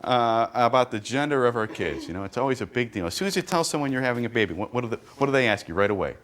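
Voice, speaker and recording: A man's voice: medium pitch, rapid-fire. A middle-aged man performing a stand-up comedy routine, telling stories with punchy asides. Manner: animated storytelling with punchy asides.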